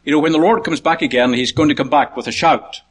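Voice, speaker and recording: A man preaching a sermon, counting points through a passage, lifting his voice high to call out quoted words and dropping low for quiet asides. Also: quick pace.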